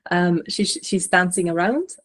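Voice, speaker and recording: A woman channeler giving a reading, gently relaying messages with reassuring, filler-filled speech. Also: on the low side. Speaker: spiritual channeler and regression therapist.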